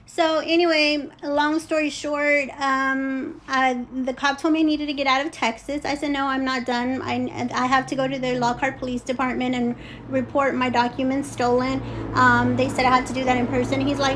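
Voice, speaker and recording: A woman's voice: high-pitched, fairly even intonation, moderate pace, a bit bright, a little hiss or hum, low-quality recording. A middle-aged woman telling a personal story, agitated, full of fillers and restarts, acting out what others said. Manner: agitated, frequent fillers and restarts, acts out quoted speech. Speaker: vlogger.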